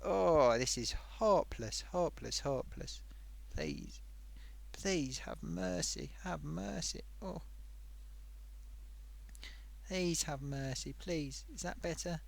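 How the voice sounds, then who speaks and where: A man's voice: a little high, animated, takes it slowly, gravelly, pauses often, heavily acted. Man voicing a chatty sock puppet host. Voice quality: rambling, hums to himself while reading. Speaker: live stream host. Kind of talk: live stream chat reading viewer comments.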